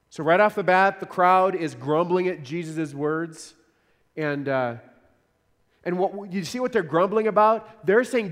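A man's voice: sits high, measured pace. Earnest man preaching in a reverberant hall. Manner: earnest, conversational preaching with repeated words. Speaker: pastor. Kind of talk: sermon.

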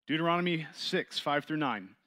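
A man teaching a Bible study, reading scripture aloud and explaining it to a group with questions, getting louder and higher when he stresses a point. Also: animated, normal speed. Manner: rises in pitch and volume when stressing points.

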